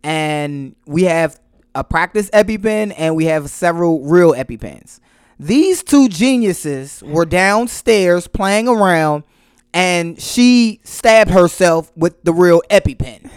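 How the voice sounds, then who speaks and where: A man's voice: high-pitched, expressive, slow pace, clear, resonant tone, dry recording. Dry-sounding man telling a story animatedly. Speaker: podcast co-host. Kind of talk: casual chat.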